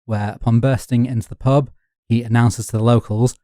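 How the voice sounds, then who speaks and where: A man from northern England co-hosts a casual history podcast, telling the story with wry, deadpan humour in a relaxed, fairly quick chat. His mid-range voice is mellow and dark, and his northern speech colours the talk. The recording is close and dry, with no echo.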